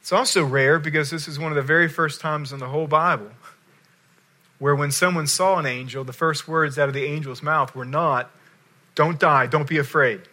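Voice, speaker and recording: A male pastor preaching a sermon, telling a story with swings between loud emphasis and hushed lines. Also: a little high, steady tone, fairly quick.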